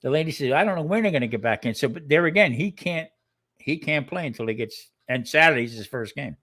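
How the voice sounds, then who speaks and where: A man's voice: a little high, expressive, fast, fairly bright tone. An older man co-hosting a cooking show in casual live-stream chat, rambling and restarting his sentences with frequent exclamations.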